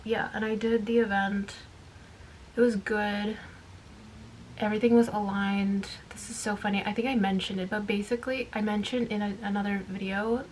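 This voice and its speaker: A woman's voice: medium pitch, a little hiss or hum. A woman vlogger talking in a casual, rambling way, candid and full of "like" and "um" fillers. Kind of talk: casual chat.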